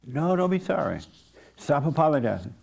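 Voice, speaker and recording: A man's voice: on the high side, very animated, normal speed, gravelly, a little mellow, breathy edge. A man leading an informal church service, talking to his congregation in a blunt, folksy, conversational way and coaxing answers from them. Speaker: pastor.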